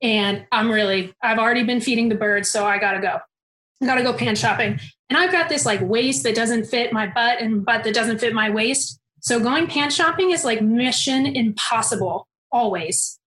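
A young woman telling a personal story in an animated, candid way, swearing casually. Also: fairly high pitch, moderate pace. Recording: roomy echo.

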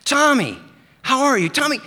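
A man putting on an eager, high-pitched neighbor. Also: normal speed, full character voice. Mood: excited. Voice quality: high, excited, repetitive. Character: warm eager man greeting his mail carrier.

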